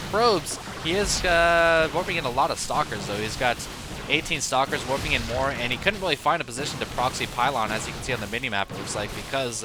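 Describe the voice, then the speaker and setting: Man breaking down his own match. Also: on the high side. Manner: analytical, opinionated, loose and chatty. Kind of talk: casual gameplay commentary. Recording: steady background noise.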